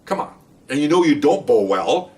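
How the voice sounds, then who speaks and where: A middle-aged man and former police detective telling stories from the job in a casual, animated way. He often acts out what people said and keeps checking in with "okay?". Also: on the high side, normal speed, far from the mic. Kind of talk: casual storytelling podcast.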